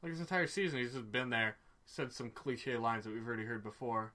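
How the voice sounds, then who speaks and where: A man co-hosting a podcast, recapping reality TV in casual, profane, gossipy chat that gets excitable. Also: mid-range voice, fairly quick. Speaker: podcast co-host.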